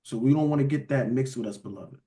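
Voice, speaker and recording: A medium-pitched man runs a Bible study at a quick pace, preaching in a relaxed, lively, conversational way. "Beloved" is his frequent name for the people listening.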